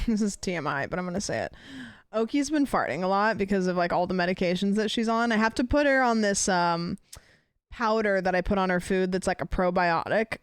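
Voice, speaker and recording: Woman streamer, chatty and giggly, rambling stories, clean smooth tone. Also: mid-range voice, dry recording, clean studio sound. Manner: rambling, giggly storytelling with many fillers. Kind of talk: casual chat.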